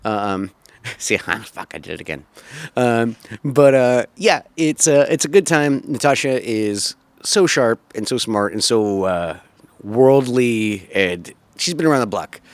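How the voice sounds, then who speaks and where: Lively, dry-voiced man hosting a podcast. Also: medium pitch, measured pace, no echo. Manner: loose and rambling, laughs often, many fillers. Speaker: podcast host. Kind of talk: casual chat.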